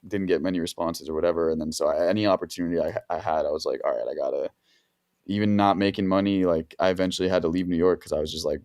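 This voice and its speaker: A man's voice: sits low, fairly even intonation, quick pace, darkish tone. A man, a music producer on a podcast, telling stories in a laid-back, rambling way full of slang and fillers. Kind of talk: casual podcast storytelling.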